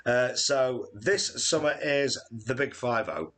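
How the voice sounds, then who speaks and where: A man in his late forties co-hosts a channel's live Q&A stream, his mid-range voice slow, fairly bright, and lively in intonation. His delivery is jokey and meandering, packed with fillers.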